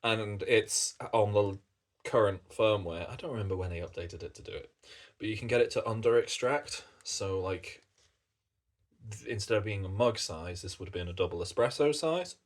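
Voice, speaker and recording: A man's voice: fairly low pitch, normal speed. A British man chatting casually as a coffee reviewer, rambling along and swearing in passing. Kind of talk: casual chat.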